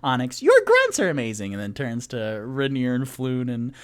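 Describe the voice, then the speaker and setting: A man's voice: mid-range voice, fairly even intonation, normal speed, clean tone, close to an everyday voice. A man doing a bubbly, tipsy party member. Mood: delighted.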